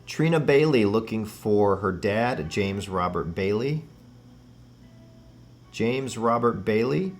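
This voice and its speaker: A man hosting a paranormal spirit-box session, earnestly and gently calling out names and passing on messages. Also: lowish voice, lively intonation, takes it slowly, soft background music.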